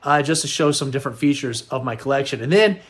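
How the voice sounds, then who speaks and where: A man's voice: mid-range voice, fast talker. A middle-aged man hosting a casual vlog, upbeat and rambling, sounding tired and a little worn. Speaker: host.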